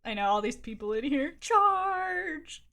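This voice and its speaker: A woman's voice: on the high side, animated, normal speed, a bit bright. A woman streamer chatting casually, telling a gossipy story candidly with frequent swearing and laughs. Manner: rambling with fillers and laughs. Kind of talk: casual chat.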